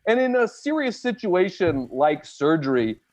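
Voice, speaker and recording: A man's voice: high-pitched, measured pace. A man, a stand-up comedian, telling a funny personal story in casual, jokey chat. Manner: animated, jokey, acts out voices of others.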